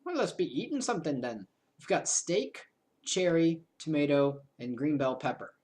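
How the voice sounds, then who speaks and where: A man's voice: fairly high pitch, lively intonation, normal speed, darkish tone. A young man in his twenties chatting through a game recording, rambling into self-mocking asides. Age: 20s. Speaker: gaming video host. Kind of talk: casual game commentary.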